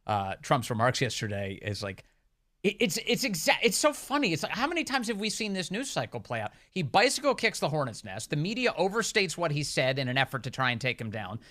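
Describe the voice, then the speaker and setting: A man hosting a talk radio show, with a bright, forceful edge to his fairly high voice. He speaks emphatically, punching his points and slipping into mocking quoted voices. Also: huge pitch swings, a little fast.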